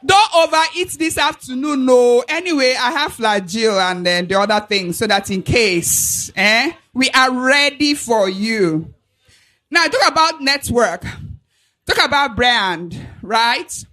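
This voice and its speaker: A Nigerian woman hosting an alumni event on a handheld mic, playful and teasing as she calls for shouts from the crowd. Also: on the high side, expressive, slow.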